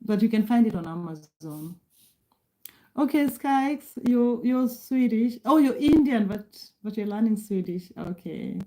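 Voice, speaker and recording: A woman's voice: a little high, expressive, a little slow, warm tone, rough recording. A middle-aged woman from Kenya chatting casually on a live stream, reading and answering viewer comments, laughing often and restarting sentences.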